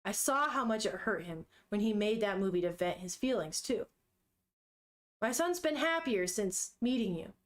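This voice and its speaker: A woman voicing a stern, protective middle-aged father, speaking gravely and pleading. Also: mid-range voice, animated, moderate pace, pitched below the performer's own voice, lightly acted. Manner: grave, pleading, grows forceful.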